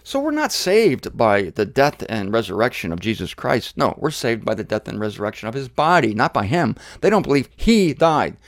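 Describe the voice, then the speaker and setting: A middle-aged man preaching an informal sermon series, conversational and animated, mimicking his critics. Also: medium pitch, normal speed, few pauses, dry recording, clean studio sound.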